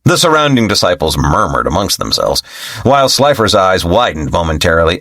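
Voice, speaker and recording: A man narrating an audiobook with expressive storytelling. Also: deep voice, a little fast, no echo, studio quality. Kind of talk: scripted narration.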